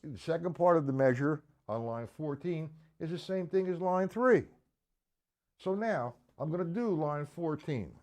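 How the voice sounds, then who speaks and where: A man's voice: on the high side, expressive, measured pace, darkish tone, a little hiss or hum. A man teaching a live-streamed drum lesson, counting beats aloud and calling on his students by name. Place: drum studio indoors. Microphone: live stream microphone. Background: drum playing.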